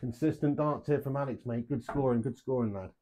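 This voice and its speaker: Speaking at a mid-range pitch and a fairly quick pace, this man chats with his live stream audience while playing darts, with slight background noise. He curses often and erupts with excitement over his throws.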